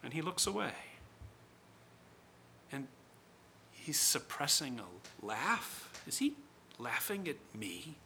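A man's voice: fairly high pitch, big pitch swings, slow, vocal fry, pauses often, pushed and bright, a little hiss or hum, exaggerated voice. A man performing a dramatic first-person monologue as a proud, bitter male spirit of accusation, scornful and declamatory. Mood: cold.

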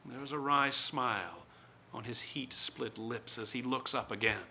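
A man's voice: mid-range voice, measured pace, creaky, sharp tone, a little hiss or hum, heavily acted. A man performing a dramatic first-person monologue as a proud, bitter male spirit of accusation, scornful and declamatory. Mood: cold.

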